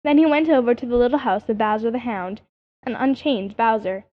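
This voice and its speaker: Lady reading a bedtime animal story, higher voice, kinda muffled lo-fi sound. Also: fairly quick. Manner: expressive storytelling. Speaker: audiobook narrator. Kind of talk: scripted narration of a children's story. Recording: dull lo-fi audiobook recording.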